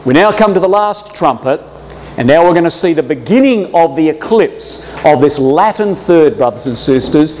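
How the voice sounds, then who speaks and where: A man teaching a Bible class to a live audience, jokey and animated, often addressing his listeners as brothers and sisters. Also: a little high, normal speed. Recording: long echo of a hall.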